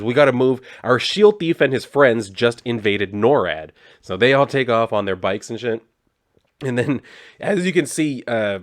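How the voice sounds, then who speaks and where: A man casually recapping a comic book, reading out its dialogue and adding sarcastic asides. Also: mid-range voice. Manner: sarcastic, reads out dialogue in a flat paraphrasing voice.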